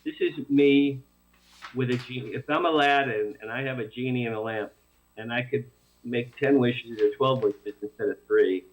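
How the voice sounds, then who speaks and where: A man being interviewed about his novel, telling it in a rambling, animated way with many restarts. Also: mid-range voice. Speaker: author guest. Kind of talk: casual radio interview. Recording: tinny phone line.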